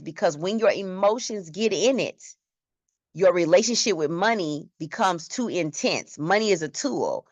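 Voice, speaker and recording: Low-voiced woman teaching a Bible class. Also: no room sound, lo-fi sound. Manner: conversational, asks the class questions. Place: church.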